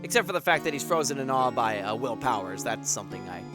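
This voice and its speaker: A man's voice: mid-range voice, expressive, fast, music in the background. A man casually commenting while playing a game live, laughing at himself in asides. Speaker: streamer. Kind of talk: live let's-play commentary.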